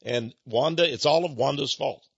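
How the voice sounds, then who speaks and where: A man's voice: mid-range voice, moderate pace, gravelly, husky, dry recording, dull audio. A man hosting a radio show, rambling and chuckling as he tells teasing stories in a folksy way.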